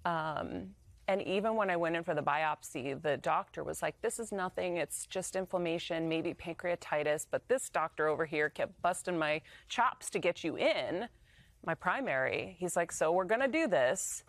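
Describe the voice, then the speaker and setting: Interview guest, woman, 30s; candid, emotional storyteller, lower voice, dry studio mic. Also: normal speed, dry recording. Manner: emotional, animated retelling with quoted dialogue.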